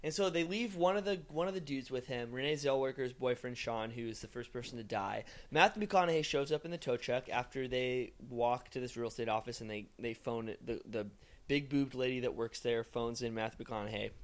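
A man's voice: mid-range voice, brisk. Guy from texas rambling through a movie plot on a podcast, lots of uhs and likes. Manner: rambling, animated retelling, lots of fillers. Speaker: podcast co-host. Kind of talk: casual movie chat.

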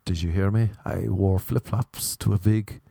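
A man's voice: on the low side, fairly even intonation, moderate pace, vocal fry, mellow, slightly rough, dry recording, clean studio sound. An Irish man hosting a podcast, telling rambling, self-deprecating stories in a casual, comedic way. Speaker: podcast host.

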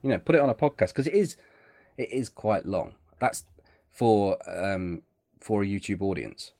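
A man's voice: fairly low pitch, lively intonation, moderate pace, mellow. A man co-hosting a podcast, chatting casually and teasing his partner while they play a game. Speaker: podcast co-host. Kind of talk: casual chat while gaming.

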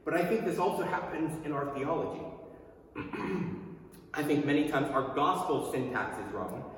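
A man's voice: a little high, lively intonation, unhurried. A man in his thirties preaching a sermon as a pastor, conversational and emphatic, with rhetorical questions to the congregation. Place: church sanctuary. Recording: echoey hall from far off, faint ambience.

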